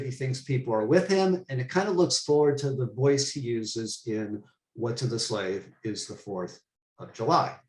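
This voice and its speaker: A man's voice: mid-range voice, echoey room. A man giving an online lecture to teachers, thoughtful and emphatic, often restarting his phrases. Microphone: computer mic on a video call.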